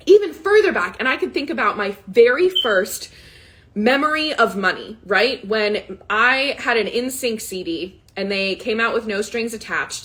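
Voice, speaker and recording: A woman's voice: fairly high pitch, fairly bright tone. A woman in her thirties hosting a live money coaching session, telling a personal story candidly and growing tearful, with frequent "like" and "right?". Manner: candid, emotional, often says "right?" and "like". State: tearful, close to crying. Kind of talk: casual live coaching talk.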